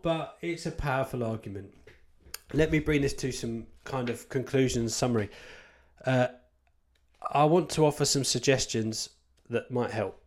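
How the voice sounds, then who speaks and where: Speaking in a medium-pitched, darkish voice, a Christian author gives a relaxed talk about church life. It rambles and stays candid, with self-deprecating asides and emphatic repetition.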